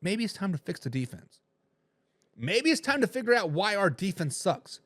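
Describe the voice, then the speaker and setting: A man's voice: high-pitched, sing-song, normal speed, fairly bright tone, no echo, studio quality. A man hosting a sports talk show, chatting animatedly and rambling while addressing viewers directly. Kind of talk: casual sports commentary.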